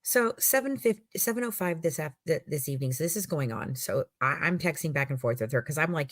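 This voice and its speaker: An American woman with a deep voice, lively intonation, and a somewhat bright tone co-hosts a live stream at normal speed, recorded dry. She casually retells a heated online feud, full of profanity and sarcasm.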